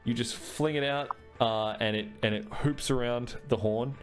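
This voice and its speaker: A man's voice: medium pitch, steady tone, normal speed. A man narrating a tabletop game as dungeon master. He talks loosely and chattily, full of fillers and restarts. Faint music plays underneath.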